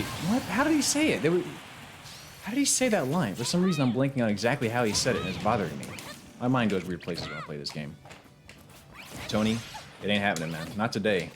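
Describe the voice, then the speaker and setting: A man with a lowish voice talks quickly over background music while streaming a fighting game. He chats casually with viewers, excitedly trash-talking his opponents to chat with lots of swearing, in typical live-stream gameplay commentary.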